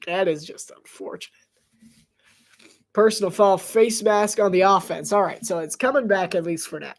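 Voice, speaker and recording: A woman giving solo live play-by-play commentary on a football game, chatty and quick to laugh, joking between plays. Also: medium pitch.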